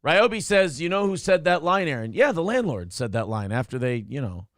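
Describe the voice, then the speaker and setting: A man with a somewhat high, very animated voice, reading viewer comments on a casual live show and trading jokes. He is recorded dry and close, with no room sound. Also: brisk, no room sound. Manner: joking, quotes movie lines in put-on voices. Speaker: co-host reading viewer super chats. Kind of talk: casual live-stream banter.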